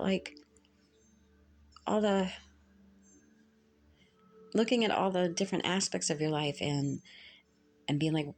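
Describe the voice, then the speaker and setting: A woman giving a casual spoken tarot reading, halting and earnest as she searches for words. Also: lowish voice, darkish tone. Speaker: tarot reader.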